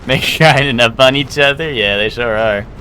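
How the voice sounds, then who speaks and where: A man's voice: mid-range voice, normal speed, pushed and bright, soft background music. A man streaming a game live, chatting casually with a rambling, swearing, laughing manner. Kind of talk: casual live gameplay commentary.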